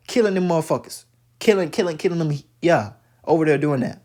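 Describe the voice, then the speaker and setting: A man's voice: fairly high pitch, animated, a little fast, a little mellow. A man giving profane, preachy religious commentary while reacting to a video, talking emphatically with many stammered restarts.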